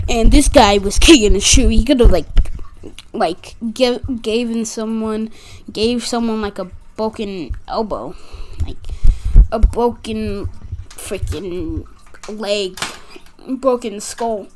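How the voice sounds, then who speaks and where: A young girl who runs a gaming channel tells a school story to camera, rambling, acting out what others said, and using "like" constantly. Her voice is fairly high and she speaks slowly over slight background noise.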